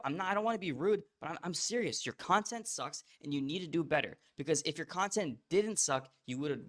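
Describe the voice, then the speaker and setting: A young man hosting an online course, talking casually and bluntly to the viewer with quick restarts. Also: mid-range voice, fairly bright tone. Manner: blunt, fast, repetitive restarts, addresses viewer as bro. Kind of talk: casual direct-to-camera teaching.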